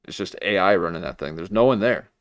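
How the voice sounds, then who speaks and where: A man's voice: low-pitched, animated, fast talker, no echo, clean studio sound. A man hosting a livestream, rambling in casual, self-mocking commentary. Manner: rambling, self-mocking, jumps into mock voices. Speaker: livestream host.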